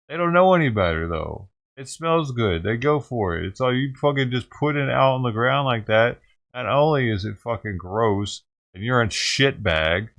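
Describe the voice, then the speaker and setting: A man with a fairly low, fairly bright voice hosts a vlog and reacts to a news clip. His profane commentary is a heated rant, full of swearing.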